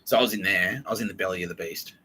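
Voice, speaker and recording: A man's voice: low-pitched, racing, pushed and bright, slight background noise, rough recording. A man hosting a podcast in a profane, rambling monologue, laughing and acting out quotes. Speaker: podcast host.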